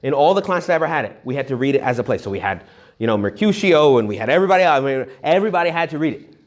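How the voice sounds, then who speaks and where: A man speaks at a medium pitch to a retreat audience in a loose, joking style. He throws in quick acted-out voices and asides, and keeps the talk moving with humor. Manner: jokey, animated, acts out little quoted voices. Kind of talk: humorous conference talk to young adults.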